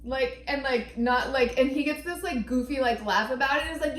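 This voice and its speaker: Female co-host with a high voice, candid and profane, in an echoey room. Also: normal speed, a bit bright. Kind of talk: casual podcast chat.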